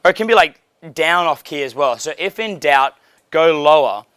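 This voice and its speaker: Bright, crisp-voiced male dating coach. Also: fairly high pitch, moderate pace, no room sound. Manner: blunt, profane, relaxed, frequent laughs. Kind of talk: casual coaching talk.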